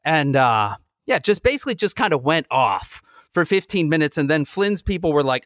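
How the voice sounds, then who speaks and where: A man's voice: on the high side, normal speed, dry recording, clean studio sound. A man in casual chat, sarcastic and profane, acting out the people he talks about in comic voices. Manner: animated, acts out quoted people in comic voices.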